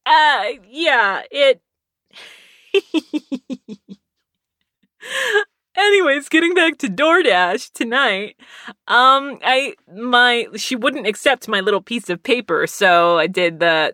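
Bright, animated young woman storyteller. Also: fairly high pitch, measured pace, no echo, clean studio sound. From Texas. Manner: rambling, animated, laughs often, squeals when excited. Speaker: podcaster. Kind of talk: casual storytelling.

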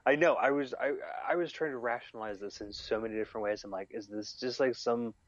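A man co-hosting a casual podcast, excitable, stammering and restarting as he thinks aloud. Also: mid-range voice, quick pace, no echo, highs cut off. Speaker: podcast co-host. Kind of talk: casual chat recapping an episode.

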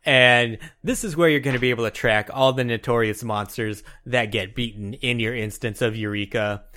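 A man's voice: mid-range voice, normal speed. A man co-hosting a casual gaming podcast, explaining things in a laid-back way and slurring his words together a bit. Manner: self-described mumbler, relaxed explaining. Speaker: podcast co-host.

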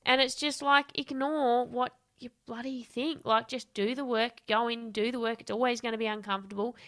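A woman with a bright, forceful voice that sits a little high, telling her stories with candid energy. She swears freely and laughs often while chatting as a guest in a casual interview. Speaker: podcast guest, coach and speaker.

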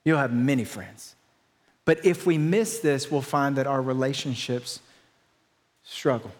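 A middle-aged man, a pastor, preaching a sermon with stories and self-deprecating humor that build to excited peaks. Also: medium pitch, a little slow.

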